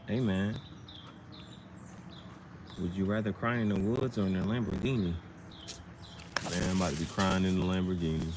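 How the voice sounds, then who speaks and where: Man, low register, casual slangy freestyle rambler, slight background noise. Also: steady tone, moderate pace, long pauses. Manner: loose, slangy, playful rhymes. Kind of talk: casual rhyming monologue.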